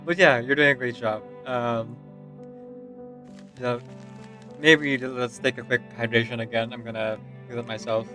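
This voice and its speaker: A man's voice: medium pitch, fairly even intonation, moderate pace, pauses often, sharp tone. A man with a mid-range voice, co-hosting a voice-acting stream and narrating between the scenes. He laughs easily and keeps an encouraging tone, with faint music under him. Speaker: voice actor and narrator. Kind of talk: casual stream chat and scripted narration.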